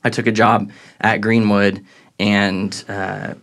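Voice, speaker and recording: Low-voiced young Midwestern man chatting. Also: takes it slowly. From Southern Illinois. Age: young adult. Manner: relaxed, self-deprecating, with filler "um"s. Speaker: associate pastor, podcast guest. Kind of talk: casual conversational storytelling.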